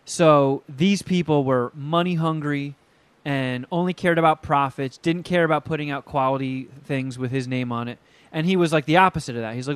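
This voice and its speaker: A man co-hosting a casual podcast chat, telling stories in a profane, animated way with acted-out quotes. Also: a little high, moderate pace, smooth, dry recording. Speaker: podcast co-host.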